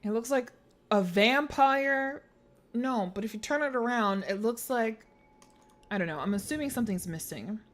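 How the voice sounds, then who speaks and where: Fairly quick and expressive, this woman's voice leans high. She's narrating a let's play, working through puzzles aloud, swearing without hesitation, and keeping things playful with jokes between them.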